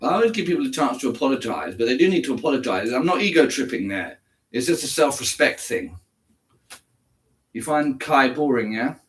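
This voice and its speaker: A man's voice: medium pitch, big pitch swings, fairly quick. An English man chats casually on a live stream. He answers viewers one by one and calls them by name. He talks in an easy, conversational way. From England. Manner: chatty, answers viewers by name, switches into German. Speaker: livestreamer reading chat.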